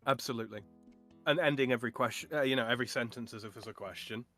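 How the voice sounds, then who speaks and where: A man chatting casually on a stream, opinionated, with halting starts and chuckles. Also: mid-range voice, bright, forceful tone, soft background music. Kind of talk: casual chat.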